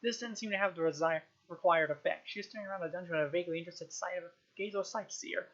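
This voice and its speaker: A woman's voice: fairly low pitch, fast, dull audio. A woman reading a novel aloud on a live stream, unpolished, with small restarts and chuckles.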